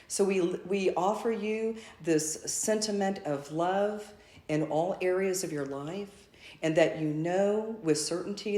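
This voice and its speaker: A woman's voice: on the low side, darkish tone, reverberant. A woman channeling a spiritual message to a group, speaking as a collective "we" in a repetitive, effusive way.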